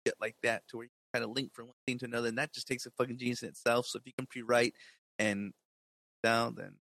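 A man with a gravelly, bright-edged voice co-hosts a podcast, rambling loosely and swearing freely. The sound is dry and close. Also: mid-range voice, flat delivery, fast talker, no echo. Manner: laid-back, profane, rambling. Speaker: podcast co-host. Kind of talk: casual chat.

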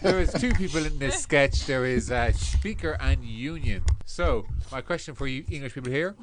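A man's voice: mid-range voice, expressive, normal speed, heavy background noise. A man presenting his comedy sketch in a casual, dry, matter-of-fact way. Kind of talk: casual banter.

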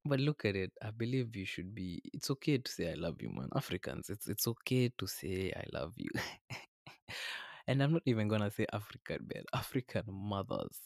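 A low, gravelly man hosts a reflective podcast monologue. He speaks earnestly and a bit preachily, calling his listener man and brother. The sound is close and dry, with no room around it. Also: lively intonation, normal speed, a little mellow, dry recording. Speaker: podcast host. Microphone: podcast microphone.

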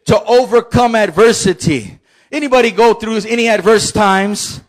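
A man, a pastor, preaching a lively sermon with shouted call-and-response. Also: high-pitched, normal speed, rough recording.

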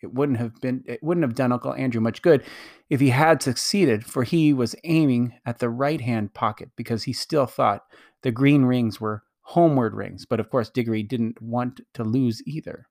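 Man calmly reading a storybook. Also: medium pitch, normal speed, no room sound, studio quality. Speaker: reader.

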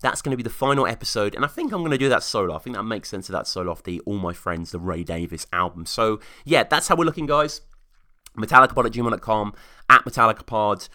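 Fast-talking, bright-voiced man hosting a podcast. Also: lowish voice. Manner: fast, chatty, enthusiastic, casual swearing. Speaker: podcast host. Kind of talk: solo podcast talk, reading listener comments.

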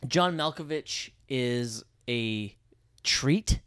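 A man co-hosting a movie podcast, talking casually and enthusiastically, swearing freely and getting louder when excited. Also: mid-range voice, very slow, clean tone, no echo, studio quality. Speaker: podcast co-host.

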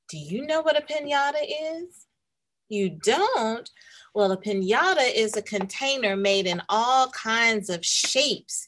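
A woman host reading a picture book aloud to young children, animated and teacherly. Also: medium pitch. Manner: animated, warm teacherly storytelling.

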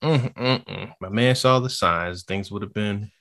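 Guy hosting a chill podcast, lowish voice, easygoing, keeps the chat moving. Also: a little slow. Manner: relaxed, agreeable, wraps up topics. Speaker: podcast host.

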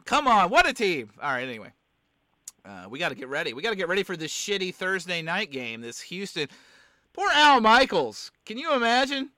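High, bright-voiced man with a sore throat. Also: wildly swooping pitch, fairly quick, no echo. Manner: rambling, keeps getting sidetracked. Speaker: podcast host. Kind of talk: casual sports chat.

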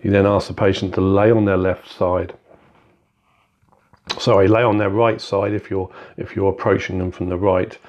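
A man calmly explaining a physical examination step by step, in a methodical teaching manner. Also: deep voice, moderate pace, dull audio. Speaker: clinical skills teacher. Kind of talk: instructional walkthrough.

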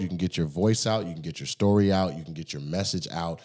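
A man hosting a podcast in a studio, giving a laid-back promotional pitch with fillers. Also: fast talker, few pauses, a little mellow, slightly rough. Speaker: podcast host. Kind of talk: casual chat. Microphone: studio microphone.

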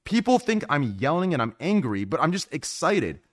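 Deep-voiced excitable young man. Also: moderate pace. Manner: loud and excitable, swears freely. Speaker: podcast host. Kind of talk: casual chat.

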